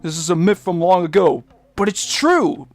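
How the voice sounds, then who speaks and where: A man doing a little Goron boy from a video game, frightened yet eager, who talks in a soft and gentle crying voice. Faint game music plays underneath. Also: sits high, big pitch swings, moderate pace. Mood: storytelling. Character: small tearful Goron boy, eager and scared.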